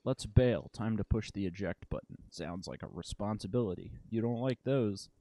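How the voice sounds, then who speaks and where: A man reading the part of a calm, dry-witted male police lieutenant who speaks in a measured way. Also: fairly low pitch, no room sound.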